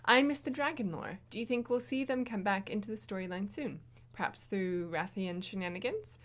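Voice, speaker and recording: A woman's voice: medium pitch, moderate pace. A woman co-hosting a casual chat, answering her partner with short, supportive and teasing replies. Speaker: YouTube co-host.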